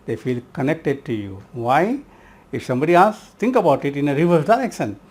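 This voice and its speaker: A middle-aged man from India teaches a self-help lesson in a fairly high voice. He talks emphatically, repeating key words twice and calling the listener "my friend.". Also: lively intonation, brisk, a little mellow, slightly rough. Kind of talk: spoken lesson.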